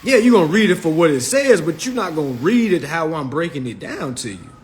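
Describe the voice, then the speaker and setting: On a phone livestream, a young host teaching consumer law delivers a blunt, profane rant on how to read contracts, repeatedly checking in with viewers by asking "all right?" His repetitive, emphatic delivery sounds like preaching; his voice is a little high, very animated and a little fast, with some hiss or hum.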